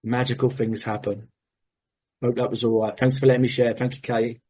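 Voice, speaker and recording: A man from Brighton, sharing his recovery story in a heartfelt, rambling way and then leading a prayer. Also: medium pitch, little pitch movement, quick pace, dull audio. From Brighton, England. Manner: heartfelt, rambling, self-interrupting. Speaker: recovery meeting speaker. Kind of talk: personal share and prayer.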